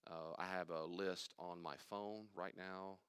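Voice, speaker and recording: A man's voice: sits low, steady tone, a little slow, fairly bright tone, clear, resonant tone, no room sound. An older man, a pastor, teaching a church study class in an emphatic, conversational way, acting out anxious inner voices and wandering into asides.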